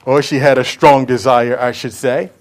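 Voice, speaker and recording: A man preaching a sermon as pastor, impassioned and talking straight to the congregation, swinging from loud calls to hushed whispers. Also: medium pitch, level tone, moderate pace. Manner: addresses congregation directly, acts out quoted voices.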